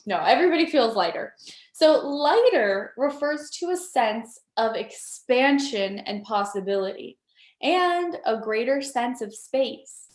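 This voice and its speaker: Leading a live online motivational workshop, a woman speaks in a playful, upbeat way, encouraging her audience along as facilitator. Her fairly high voice is expressive and measured in pace, and the room echoes.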